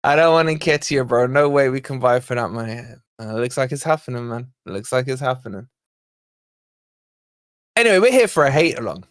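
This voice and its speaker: A man's voice: medium pitch, lively intonation, moderate pace, no echo, clean studio sound. A young man hosting a live football watch-along, ranting and exasperated as he reacts to his chat. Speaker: fan channel host.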